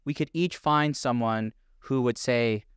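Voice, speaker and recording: A man co-hosting a fitness podcast, explaining his view in an assured, measured way. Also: medium pitch, clear, resonant tone, no room sound, clean studio sound. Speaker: podcast co-host, fitness coach. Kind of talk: casual podcast chat.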